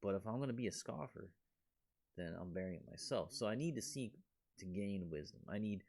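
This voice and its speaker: A man leads a casual Bible study in a low voice with a gravelly edge. He talks conversationally and breaks into quick voiced asides. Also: expressive, darkish tone.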